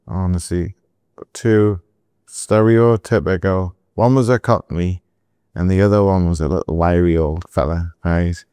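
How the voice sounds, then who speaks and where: A middle-aged man from England, telling animated stories as a guest in a podcast interview, with asides to the host. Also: low voice, measured pace, smooth, no echo, studio quality. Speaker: entrepreneur guest.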